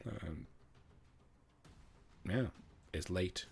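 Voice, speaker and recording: A man narrating a tabletop game as game master, in a relaxed, hesitant way. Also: deep voice, drawn-out words, creaky, a little hiss or hum.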